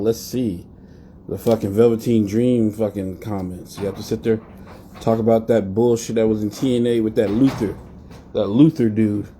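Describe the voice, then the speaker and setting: Male host, live stream; blunt and cursing, rambling, mellow dark tone, faint hiss. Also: fairly low pitch. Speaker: podcast host. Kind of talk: casual live-stream rant.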